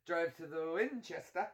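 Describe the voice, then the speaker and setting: A man's voice: on the high side, full character voice. A man putting on an as a laid-back bloke who keeps repeating his plan to wait things out at the pub. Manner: chanting a plan over and over.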